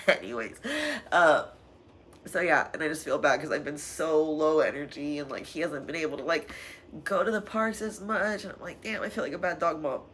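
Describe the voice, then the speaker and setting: A woman's voice: low voice, normal speed, fairly bright tone, a little hiss or hum. A young adult woman talking candidly in a personal vlog, rambling with fillers, emotional and sometimes laughing through tears. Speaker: vlogger.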